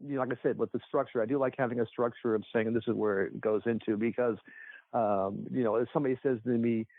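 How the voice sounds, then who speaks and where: A man's voice: mid-range voice, steady tone, quick pace, dry recording. A man chatting casually as a podcast guest, rambling with lots of fillers and restarts. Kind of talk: casual chat. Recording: tinny phone-like line.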